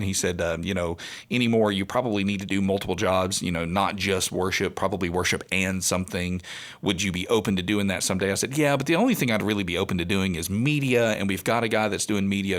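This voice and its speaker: A man's voice: deep voice, fairly bright tone. A man in his forties, a podcast co-host and worship leader, telling a long personal story in casual chat. He talks in an earnest, rambling way.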